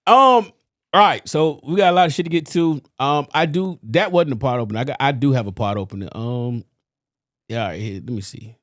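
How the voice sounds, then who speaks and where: A man with a Baltimore accent hosting a casual podcast, giving loud, hyped-up shout-outs. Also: medium pitch, a little fast, no echo, clean studio sound. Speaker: podcast host.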